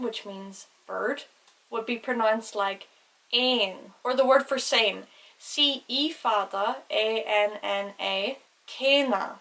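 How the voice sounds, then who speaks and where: A woman's voice: mid-range voice, pushed and bright, poor audio. A woman giving a casual language lesson who spells words out and stresses vowels carefully. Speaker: Irish language teacher.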